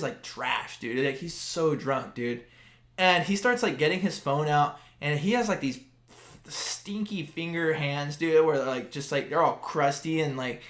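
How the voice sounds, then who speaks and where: A man's voice: on the high side, fairly bright tone. Rambling young man, echoey room. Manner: rambling storyteller, heavy on "like" and "dude". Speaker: podcast co-host. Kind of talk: casual chat.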